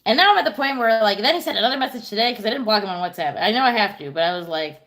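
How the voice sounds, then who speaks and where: A woman's voice: a little high, expressive, very fast, fairly bright tone. A woman in her thirties chatting casually on a livestream, telling a rambling, profane story and answering viewers. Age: 30s. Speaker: streamer.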